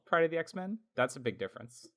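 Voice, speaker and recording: A man co-hosting a podcast in casual chat, talkative and quick to laugh, with plenty of fillers. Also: fairly high pitch, very animated, fairly bright tone. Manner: chatty, laughs often, lots of fillers. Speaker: podcast co-host.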